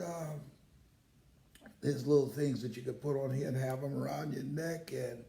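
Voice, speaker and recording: A man's voice: mid-range voice, steady tone, normal speed, vocal fry, long pauses, dark tone, roomy sound. An older man, a motivational speaker, telling personal stories in a casual live stream and laughing heartily as he talks.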